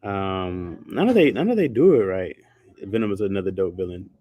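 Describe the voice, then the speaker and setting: A man's voice: low-pitched, animated, moderate pace, dark tone, no room sound. A man chatting casually on a livestream, slangy and rambling, laughing often. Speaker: streamer.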